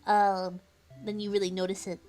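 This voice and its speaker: A woman's voice: medium pitch, level tone, moderate pace, a little mellow, soft background music. A woman with a Californian American accent, chatting casually on a live stream, reading chat aloud, giggling often and saying "like" a lot.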